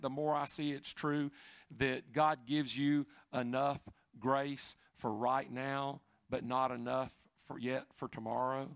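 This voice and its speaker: Man, pastor, sermon, gravelly, fairly high voice, dry recording. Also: no echo. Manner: expressive preaching, rising and dropping to soft, intimate asides.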